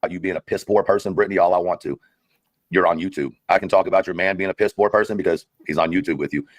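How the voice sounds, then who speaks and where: Man streamer, very low voice, rapid and menacing delivery. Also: dry recording. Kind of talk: livestream talk.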